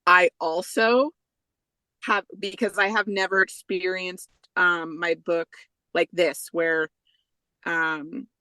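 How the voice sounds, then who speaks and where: A woman author chatting on a podcast, heartfelt and a little halting, with many fillers. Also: lowish voice, steady tone, bright, forceful tone, no echo, low-quality recording. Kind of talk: casual podcast chat.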